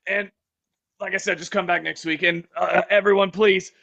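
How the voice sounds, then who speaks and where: A man voicing a gruff teen anime hero who talks sweetly, gushing and sentimental. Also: sits high, fairly even intonation, moderate pace, fairly bright tone, dull audio. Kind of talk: improv comedy voice.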